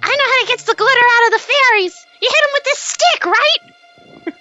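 Woman playing a squeaky tiny goblin girl. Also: expressive, moderate pace, bright, forceful tone, muffled recording, faint music behind, full character voice. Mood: eager.

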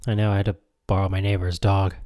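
A man's voice: low-pitched, little pitch movement, quick pace, mellow, dry recording, clean studio sound. A man hosting a radio show, rambling and self-deprecating in comic banter with his listeners. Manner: self-deprecating, chatty, talks to the audience.

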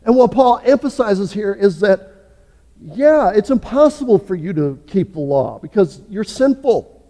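High-voiced pastor preaching in a reverberant hall. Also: male voice, lively intonation, unhurried. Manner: earnest preaching, builds up then drops low and soft. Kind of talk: sermon. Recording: long church reverb.

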